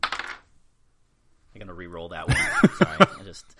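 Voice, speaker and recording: A man's voice: low-pitched, slow, pushed and bright. A man talking casually as a player in a tabletop game, with laughing asides.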